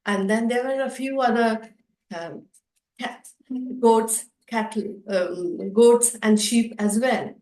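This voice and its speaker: A woman storyteller telling a children's story at a festival session, expressive and repetitive, with some fillers. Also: a little high, slow pace, roomy sound, rough recording.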